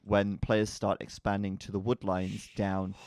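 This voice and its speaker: Chatty low-voiced male game caster. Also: completely flat delivery, unhurried, darkish tone, slight background noise. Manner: chatty, jokey, stumbles over names. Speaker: esports commentator. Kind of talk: casual game commentary.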